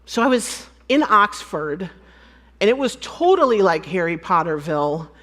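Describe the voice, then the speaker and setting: A woman's voice: fairly low pitch, big pitch swings, normal speed, a bit bright. A woman from the United States giving a storytelling conference talk, acting out bits of dialogue and laughing often. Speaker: conference speaker.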